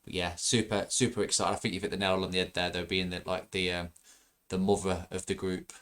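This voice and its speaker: A man with a fairly low voice co-hosts a relaxed fan chat show. He talks eagerly, piling on fillers and restarting his sentences as he goes. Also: a little fast. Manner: enthusiastic, frequent fillers and restarts. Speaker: podcast co-host.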